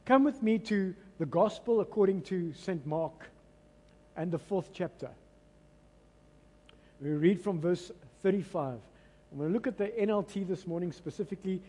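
A man's voice: high-pitched, moderate pace. A man with a South African accent preaching a sermon, leading the congregation in call-and-response and retelling scripture dramatically. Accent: South African English. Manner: animated, dramatic storytelling delivery. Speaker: pastor. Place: church hall. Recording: long hall reverb.

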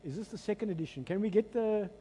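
A man's voice: high voice, fast talker, slight background noise. A man with a South African accent preaching a sermon, leading the congregation in call-and-response and retelling scripture dramatically. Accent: South African English. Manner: animated, dramatic storytelling delivery. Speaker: pastor. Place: church hall. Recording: long hall reverb.

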